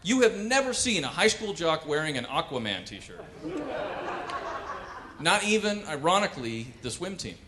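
A man performing wry, animated stand-up comedy on a cultural center stage. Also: fairly high pitch, moderate pace, long pauses, heavy background noise. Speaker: comedian and pianist.

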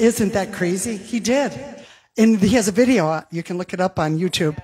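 A woman's voice: mid-range voice, normal speed, warm tone, breathy edge. A woman singer hosting an online holiday show, chatting casually between songs, laughing and reading out viewer comments. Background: backing music.

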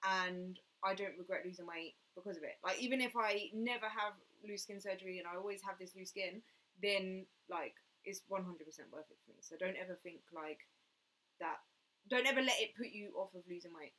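Bright-voiced woman chatting on a live stream. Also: mid-range voice, fairly quick. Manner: chatty, answers viewer comments, lots of "like" and "mate". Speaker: fitness vlogger hosting a live stream. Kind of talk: casual live-stream chat.

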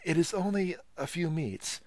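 A man's voice: a little high, expressive, normal speed, dry recording, voice pushed up, close to an everyday voice. A man doing a stammering, timid farmer. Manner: faltering, nervous, stammering. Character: timid young male farmer, bridegroom.

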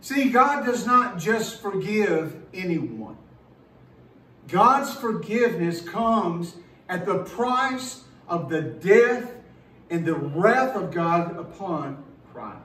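A pastor preaching a sermon in an earnest, emphatic way, slowing down and repeating words as he builds a point. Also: high-pitched, sing-song, fairly bright tone, echoey room, far from the mic, poor audio.

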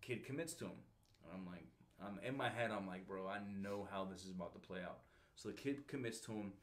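Low-voiced male podcast host, a recruiter, animated, slangy storyteller. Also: fairly quick. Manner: animated slangy storyteller, says bro and dude. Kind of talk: casual storytelling chat.

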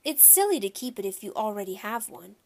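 A woman voicing a fussy middle-aged woman guest who talks in a prissy, shrill way. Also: sing-song, fairly quick, a little mellow. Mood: prim.

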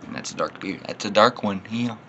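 A man's voice: fairly low pitch, a little fast, bright, forceful tone, muffled recording, a little hiss or hum. A man, slightly tipsy, rambling casually through a beer tasting in his vlog and poking fun at himself. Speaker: beer reviewer.

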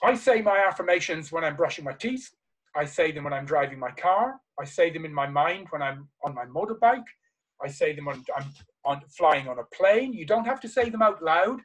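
At a live motivational seminar, a man speaks at normal speed in a slightly high, animated, fairly bright voice. He repeats key phrases with emphatic passion, and the audio is rough.

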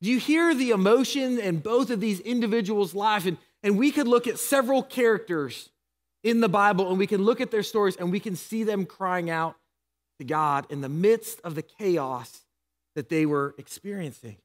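A man's voice: high voice, moderate pace. A married man preaching a sermon as pastor, earnest and emotional, asking his listeners hard rhetorical questions. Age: adult, married. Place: church sanctuary. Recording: long church hall reverb.

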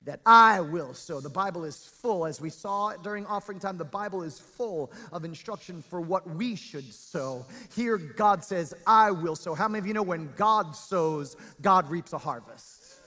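A man's voice: high voice, sharp tone. Preaching man in a reverberant church. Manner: preaching with sung, drawn-out emphasis on scripture. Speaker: pastor. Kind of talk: sermon.

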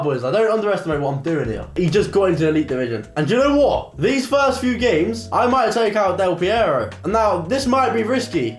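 A young man giving excitable live gameplay commentary, bursting into shouts and repeated cheers. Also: high voice. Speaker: gaming creator. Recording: roomy echo with faint music.

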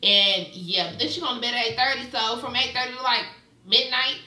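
Bright-voiced young woman vlogging at home. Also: fairly high pitch, a little fast, distant mic. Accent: African American English. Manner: chatty, sassy and animated when ranting. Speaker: beauty vlogger. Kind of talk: casual chatty vlog. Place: at home indoors. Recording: echoey room, voice off-mic.

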